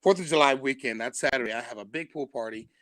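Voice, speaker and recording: A man's voice: medium pitch, quick pace, a bit bright, no room sound. A man, a stand-up comedian, telling a long comic story on a live stream and laughing through his punchlines.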